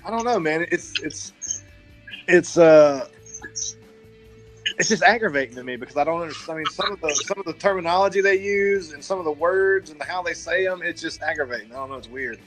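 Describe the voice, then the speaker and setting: A man's voice: on the high side, fairly quick, fairly bright tone, soft background music. A man with a Southern US accent co-hosting a casual podcast, hesitant and full of fillers. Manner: hesitant, many fillers and restarts. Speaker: podcast co-host. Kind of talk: casual chat.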